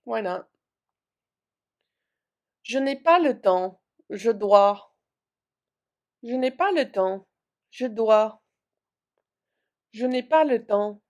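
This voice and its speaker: Through somewhat dull audio comes a young woman's fairly high, animated, slightly mellow voice. She's leading a French vocabulary lesson, patiently saying each word several times and then translating it into English.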